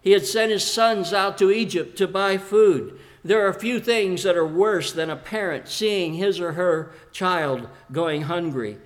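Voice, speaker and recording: High-voiced man preaching a sermon. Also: a little slow, hardly any pauses. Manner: earnest, addresses the congregation directly; storytelling retelling of a scripture passage.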